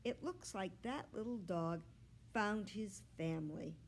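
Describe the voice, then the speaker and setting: A woman voicing a kindly grandmother in a storybook, speaking calmly and gently. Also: medium pitch, measured pace, a little hiss or hum, lightly acted.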